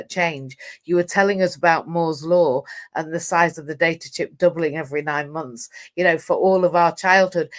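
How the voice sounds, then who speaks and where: A middle-aged woman hosting a live interview over a video call, talking in a rambling, jokey and effusive way. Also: fairly low pitch. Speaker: host. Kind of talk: casual interview chat.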